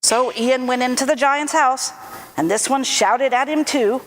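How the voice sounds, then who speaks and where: A woman telling a folk tale aloud at a church service, lively and expressive. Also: sits high. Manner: lively, expressive, slow storytelling.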